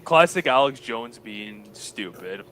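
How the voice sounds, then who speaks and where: A man's voice: mid-range voice, lively intonation, slow pace, sharp tone, slight background noise. A man co-hosting a live stream, chatting loosely and crudely about a clip. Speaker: stream co-host. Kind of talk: casual reaction stream.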